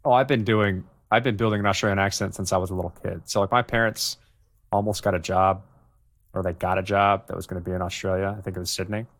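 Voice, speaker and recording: Male co-host with a very low voice, candid and rambling in casual chat. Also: level tone, fast. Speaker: podcast co-host.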